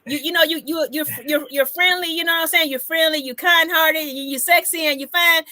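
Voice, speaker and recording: A woman's voice: extremely high pitch, steady tone, fairly quick, bright, forceful tone, dry recording, clean studio sound. A woman comedian hosting a casual live chat, brassy and teasing, repeating herself for emphasis.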